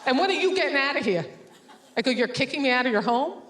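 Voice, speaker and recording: A woman doing a stand-up comedy set on stage, sarcastic, acting out quick bits of dialogue in front of a laughing audience. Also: high voice, expressive, fairly bright tone, echoey room.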